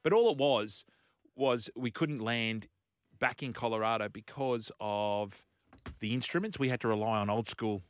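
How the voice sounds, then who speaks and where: An Australian man on a radio show, telling a story in a lively, laughing way. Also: medium pitch, normal speed, clean tone, no room sound. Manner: animated storyteller, laughs often. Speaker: radio co-host. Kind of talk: casual radio banter. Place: radio studio. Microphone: studio mic.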